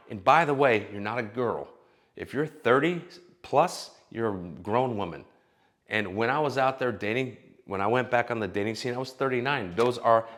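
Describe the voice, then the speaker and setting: A man's voice: lowish voice, fairly bright tone. A man in his forties giving dating advice in a blunt, profane, opinionated casual rant.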